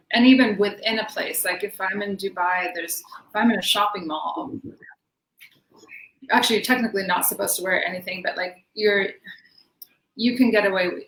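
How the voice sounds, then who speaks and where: A woman's voice: medium pitch, a bit bright. A woman guest in a casual interview, talking in a chatty way with many fillers and laughs. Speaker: interview guest, belly dancer. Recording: echoey room with faint noise.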